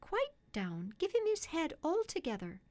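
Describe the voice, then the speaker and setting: A woman voicing a kind, refined lady who speaks softly and persuasively. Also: sits high, wildly swooping pitch, unhurried, pitched above the performer's own voice, exaggerated voice. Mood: earnest, persuasive. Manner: soft, persuasive, polite. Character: kind gentle English lady, refined and earnest.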